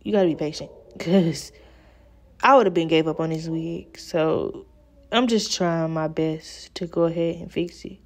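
A woman's voice: sits low, unhurried. Chatty, exasperated woman vlogging hair. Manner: exasperated, chatty, addresses viewers as girl and y'all. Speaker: beauty vlogger. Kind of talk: casual talk-through hair tutorial. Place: home room at a mirror.

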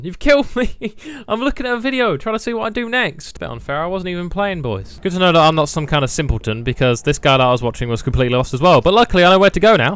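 A man's voice: on the high side, a bit bright, clear, resonant tone. A man doing sarcastic comedic commentary while playing a video game, laughing often and mocking it. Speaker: gaming YouTuber. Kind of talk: comedic let's play commentary.

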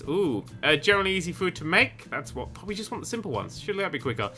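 A man doing let's play commentary, excitable and sweary, wandering into rambling asides. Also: high voice, fast talker, soft background music. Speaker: gaming YouTuber.

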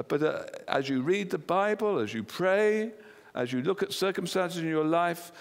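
English preacher with hall reverb. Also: male voice, a little high, creaky. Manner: earnest, rhetorical questions to the congregation. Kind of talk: sermon. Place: church hall.

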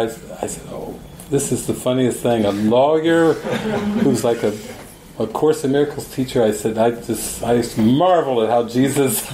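A man's voice: mid-range voice, a little hiss or hum. Man telling a story in an echoey room. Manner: animated storyteller, acts out the voices of people in his stories. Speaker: spiritual teacher. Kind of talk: storytelling talk at a gathering. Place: room at a group gathering.

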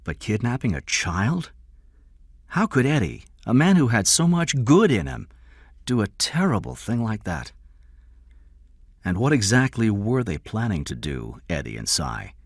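A man narrating an audiobook in a measured, expressive storytelling manner. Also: on the low side, husky, no room sound, studio quality. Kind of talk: audiobook reading.

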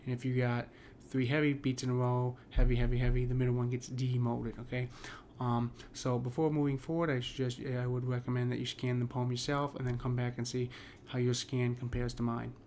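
Male poetry tutor, monotone delivery, halting with fillers and restarts, faint background hiss. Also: medium pitch. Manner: halting, many ums and restarts. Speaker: poetry teacher. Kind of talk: casual explanatory lesson.

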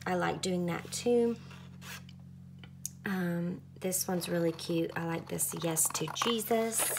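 Chatty young woman, lowish voice. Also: slow pace, creaky, noisy background. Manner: chatty, relaxed, lots of fillers. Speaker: craft vlogger. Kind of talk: casual narrated craft tutorial.

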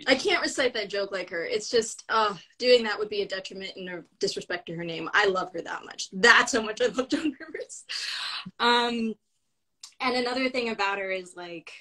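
A woman's voice: medium pitch, normal speed, pushed and bright, low-quality recording. A woman talking as a guest in a casual conversation, enthusiastic and rambling, with many fillers and restarts.

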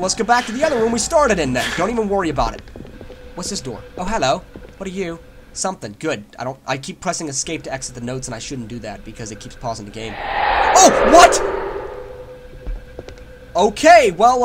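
Jumpy, joking gamer guy with a lively voice. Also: fairly high pitch, fast talker. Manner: jokey, rambling, bursts into loud yelps when scared. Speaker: gamer playing a horror game. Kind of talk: let's play commentary. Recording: noisy home recording.

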